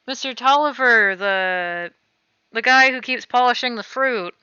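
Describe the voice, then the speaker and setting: A woman streamer playing a game live, joking and reading characters' lines aloud in an animated way. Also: on the high side, unhurried, clean tone, no room sound. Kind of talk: livestreamed game playthrough, reading dialogue aloud. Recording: slightly dull stream audio. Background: game music.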